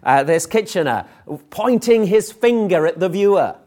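A man's voice: high-pitched, expressive, normal speed, few pauses, darkish tone. A middle-aged or older man preaching a sermon, emphatic and full of rhetorical questions.

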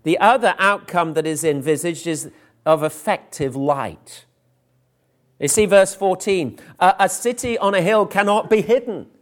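A man's voice: high voice, a little slow. A man preaching a sermon and explaining scripture verse by verse, earnest, with frequent restarts and hesitations.

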